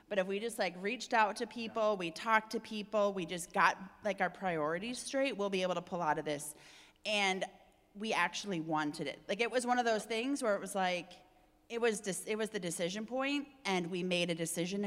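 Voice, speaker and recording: A woman's voice: medium pitch, a bit bright. Chatty woman in an echoey room. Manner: candid, chatty, lots of "like" and "um". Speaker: real estate agent, interview guest. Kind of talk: casual interview talk.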